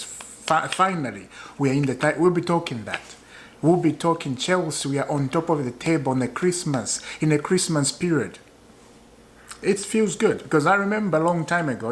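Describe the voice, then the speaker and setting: A man's voice: mid-range voice, slight background noise. A man venting as a football fan in a casual vlog, annoyed, hammering points home by repeating them and asking viewers questions. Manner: rhetorical questions to viewers, chuckles often.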